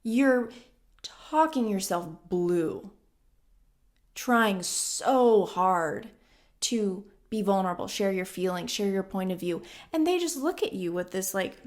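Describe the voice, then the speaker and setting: Twenty-something woman vlogging self-help, blunt and emphatic, repeats stuff to hammer it in, mid-pitched voice. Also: lively intonation, unhurried, a little mellow. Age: 20s. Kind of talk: casual self-help talk to camera.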